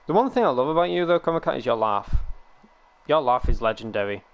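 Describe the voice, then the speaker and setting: A man's voice: mid-range voice, animated, quick pace, smooth, highs cut off. A man, chatting casually with stream viewers on a headset and rambling with frequent chuckles. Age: 20s. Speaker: livestreamer. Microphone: gaming headset.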